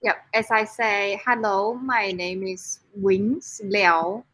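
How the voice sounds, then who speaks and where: Cantonese-native woman, Chinese accent, breathy guest speaker, unhurried and halting. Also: mid-range voice, fairly even intonation, fairly bright tone, poor audio. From southern China. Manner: hesitant, searching for words. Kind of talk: online class talk.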